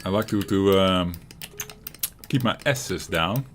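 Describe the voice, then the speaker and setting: Slow and low-voiced with a fairly bright tone, a man with a Dutch accent from the Netherlands rambles chattily about the game he's playing. He's a retro gaming channel host delivering casual commentary, frequently chuckling and restarting. Slight background noise is present.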